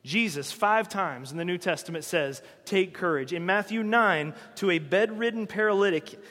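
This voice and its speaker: A man's voice: high voice, normal speed, bright, forceful tone, in a large hall. A man preaching a sermon in a conversational way, asking his listeners rhetorical questions. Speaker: pastor.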